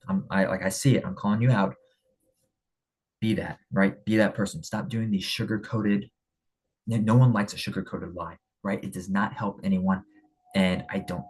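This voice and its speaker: Casting: young man, deep husky voice, blunt motivational talker, repeats for emphasis. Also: a little mellow, rough recording. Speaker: speaker on men's character. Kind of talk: casual motivational talk.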